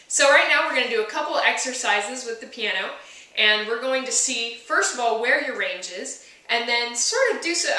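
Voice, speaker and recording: A woman's voice: fairly high pitch, pushed and bright. A young woman teaching a singing lesson, explaining step by step and singing short demonstration notes. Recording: echoey room from far off.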